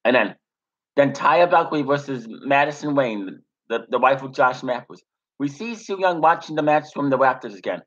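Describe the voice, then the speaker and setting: A man's voice: mid-range voice, animated, normal speed, a bit bright, muffled recording. A young man casually recapping a wrestling show, rambling with many fillers and restarts. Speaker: wrestling reviewer.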